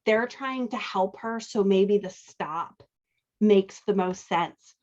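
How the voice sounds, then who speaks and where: A woman's voice: mid-range voice, takes it slowly, a little mellow, lo-fi sound. A woman hosting a show, casually teaching dialogue as she edits a manuscript and often asking "right?" as she thinks aloud. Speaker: host and dialogue editor. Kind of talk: casual teaching chat while editing a manuscript.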